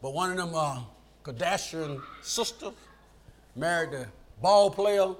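A man preaching a sermon in an animated call-and-response style, acting out the voices in the stories he tells. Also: on the high side, unhurried, a little hiss or hum.

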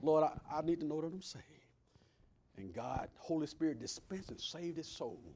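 High-voiced preacher, loud then hushed. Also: male voice, expressive, moderate pace, a little hiss or hum. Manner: swings between loud preaching and hushed asides. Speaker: pastor. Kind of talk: sermon.

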